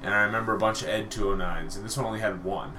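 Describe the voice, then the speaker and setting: A man's voice: on the low side, fairly even intonation, rapid-fire, bright, forceful tone, roomy sound, a little hiss or hum. A man co-hosting a casual movie podcast, joking and swearing and often laughing. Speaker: podcast co-host.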